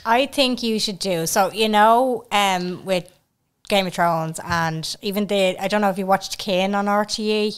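A woman hosting a podcast, pitching ideas enthusiastically and trailing off mid-thought. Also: a little slow, clean tone. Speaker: podcast host. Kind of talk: casual podcast chat.

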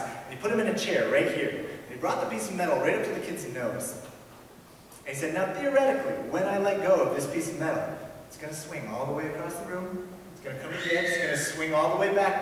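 A man preaching a sermon in a church, telling stories and dropping to a hush for suspense. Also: on the high side, slight background noise. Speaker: pastor. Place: church sanctuary. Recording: echoey church hall, mic at a distance.

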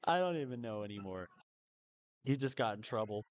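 A man giving live commentary on his own gameplay, excitable and quick to burst into strings of repeated protests. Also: on the low side, dry recording. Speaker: live streamer.

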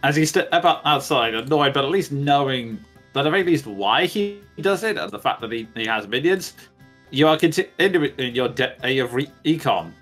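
A man narrating as game master, halting and often restarting his words. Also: mid-range voice, a bit bright.

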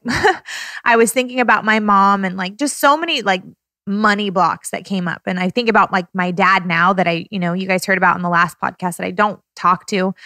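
Woman, 30s, podcast host, teary and effusive, mid-pitched, dry studio sound. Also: sharp tone, no echo. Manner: heartfelt, tearful, effusive. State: close to tears. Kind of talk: emotional casual podcast talk.

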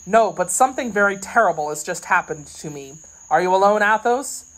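A woman's voice: medium pitch, lively intonation, brisk, fairly bright tone, lightly acted. A woman voicing an earnest young male swordsman who speaks with urgent pleading in an audiobook reading.

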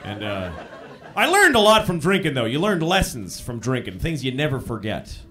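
A man in his thirties performing live stand-up comedy on a club stage, deadpan and self-mocking, with a lot of swearing. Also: mid-range voice, normal speed. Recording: live club recording with crowd laughter.

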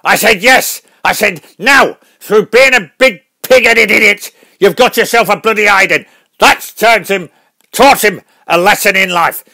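Man impersonating a bragging older fighter dad, gravelly and husky, high and bright, quick to blow up. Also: full character voice. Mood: worked up. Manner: boastful, gets loud and worked up. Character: hot-headed older boxing dad, boastful brawler.

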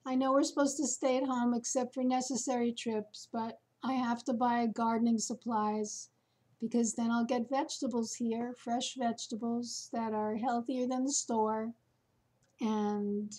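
Woman vlogger, unhurried chatty storytelling, somewhat high, soft mellow tone. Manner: slow, chatty storytelling with fillers. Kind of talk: casual chat to camera.

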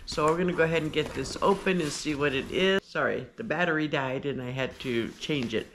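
A woman hosting a casual unboxing vlog, talking in a gushing, excitable way. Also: low-pitched, fairly quick, a little hiss or hum. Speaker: vlogger host. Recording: paper crinkling and clicks behind.

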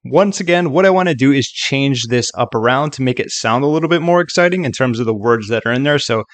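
A man hosting a relaxed software tutorial, chatty and informal, often checking in with "okay" and "right". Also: medium pitch, quick pace, no echo. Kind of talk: casual screen-recorded tutorial.

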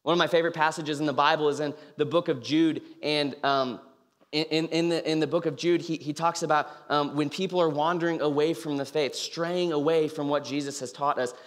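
A young campus ministry speaker gives an informal sermon in a slightly high, steady voice at a brisk pace. He tells the story casually with lots of fillers and acts out the people he quotes, and the hall is reverberant.

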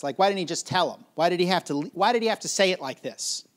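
A man's voice: high voice, expressive, quick pace, hardly any pauses. A man preaching a sermon in a conversational way, often asking his listeners questions and chuckling as he explains a scripture passage. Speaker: pastor.

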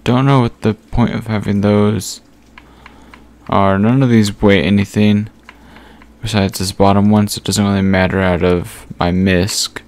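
A man giving casual gameplay commentary, thinking aloud as he sorts through items with frequent pauses and fillers. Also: on the low side, fairly even intonation, a little mellow. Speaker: gaming channel host.

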